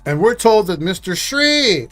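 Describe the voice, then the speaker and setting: Sarcastic high-voiced man hosting commentary. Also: very animated, measured pace, a bit bright, soft background music. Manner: sarcastic, mocking, profane. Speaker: commentary show host. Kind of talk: reaction commentary.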